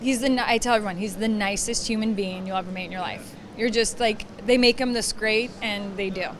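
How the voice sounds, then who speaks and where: A woman in her thirties chatting as an interview guest outdoors, telling stories and acting out quotes with lively energy. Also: mid-range voice, a little fast, a little hiss or hum. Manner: chatty, animated storyteller who acts out quotes. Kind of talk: casual chat.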